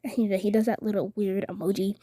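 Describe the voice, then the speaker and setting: A woman's voice: medium pitch, little pitch movement, brisk, background noise. Indignant young woman, half-whispering. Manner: indignant, often drops to a whisper; rambling, many filler "like"s. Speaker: vlogger. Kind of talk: casual storytelling.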